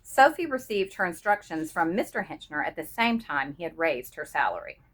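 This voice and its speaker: Woman reading a short story out loud, lowish voice, pitch moving a lot. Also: big pitch swings, moderate pace. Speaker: reader.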